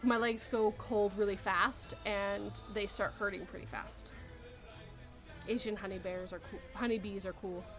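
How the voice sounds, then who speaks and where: A Canadian woman hosts a casual podcast chat over music, rambling through her explanations and laughing often. Her voice is medium-pitched and steady, at a measured pace.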